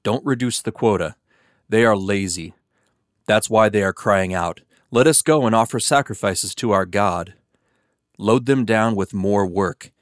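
A proud, dismissive ancient king barks orders and brushes aside every plea, as a man reading aloud gives his lines. The voice sits low and sounds dry and close. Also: a little slow, no echo, lightly acted. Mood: scornful. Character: stern arrogant ancient male king.

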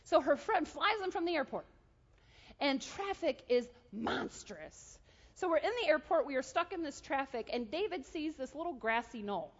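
A woman preaching a sermon, telling a story and acting out dialogue with lively energy. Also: high-pitched, moderate pace. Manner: animated, acts out dialogue with God. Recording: dull sound in a large reverberant hall.

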